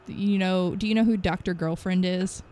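A woman's voice: on the low side, fairly even intonation, a little fast, mellow. A woman co-hosting a casual podcast chat, making bawdy jokes in a laid-back way and chuckling between lines.

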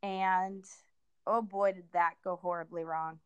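A middle-aged woman speaking as a guest in a casual conversation, pausing often and restarting her sentences. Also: fairly low pitch, fairly even intonation, clear, resonant tone, no echo, dull audio. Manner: halting, many fillers and restarts.

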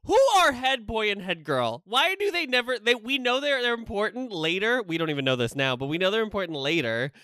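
Lively, smooth-voiced man chatting. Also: high voice, brisk, few pauses, dry recording, studio quality. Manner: lively, jokey, swears casually. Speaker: podcast co-host. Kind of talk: casual chat.

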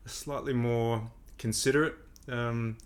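A breathing coach guesting on a podcast explains things in a relaxed, conversational manner, often repeating words as he thinks. His voice is mid-range and his pace measured.

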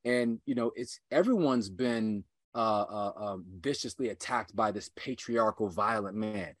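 A man's voice: fairly low pitch, a little slow, no echo, clean studio sound. A man guesting on a podcast as an inspirational speaker, talking earnestly with rousing, repetitive emphasis. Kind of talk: earnest motivational conversation.

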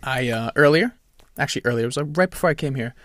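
A young man co-hosting a podcast in casual chat, telling an animated story and laughing at himself. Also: mid-range voice, racing, a little hiss or hum. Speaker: podcast co-host.

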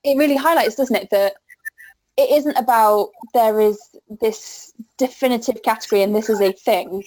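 A woman's voice: on the high side, normal speed, darkish tone, low-quality recording. Thoughtful woman interviewer. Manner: thoughtful, with tag questions and hedging fillers. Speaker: interviewer host. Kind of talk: conversational interview.

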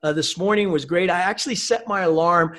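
A man's voice: high voice, a little fast, fairly bright tone. A man as a podcast guest, talking casually and upbeat, with many "you know" and "right" fillers. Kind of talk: casual conversation.

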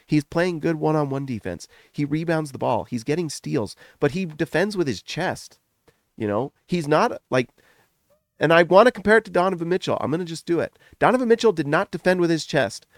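A middle-aged man talks basketball on his podcast with a gravelly, fry-edged voice. He gushes in quick, animated bursts and sounds a bit foggy from a recent illness. The recording is close and dry, with no room sound. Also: fairly high pitch, no room sound. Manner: animated, gushing, talks in rapid runs. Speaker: podcast host. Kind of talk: casual sports commentary.

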